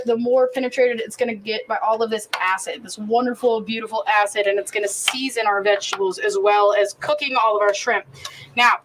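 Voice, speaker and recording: A fairly high-voiced woman runs a casual cooking demo outdoors, talking fast and loose with plenty of swearing. She drifts into rambling rants between steps, with a faint hum of the open air behind her. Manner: chatty, profane, rambling rants. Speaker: cooking show host and chef.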